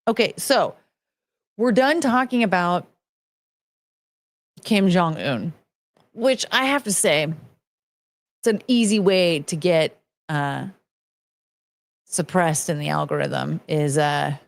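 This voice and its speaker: A woman's voice: on the low side, takes it slowly, gravelly, pauses often, dry recording. Young woman, streamer host, casual rambling chat, profane, sarcastic, dry sound. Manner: rambling, profane, mocking, sarcastic voices for quotes.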